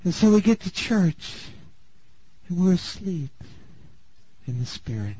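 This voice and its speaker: A man preaching a sermon, dramatic and swinging from loud bursts to hushed asides. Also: high voice, sing-song, measured pace, husky, dry recording. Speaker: pastor. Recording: dull lo-fi sound.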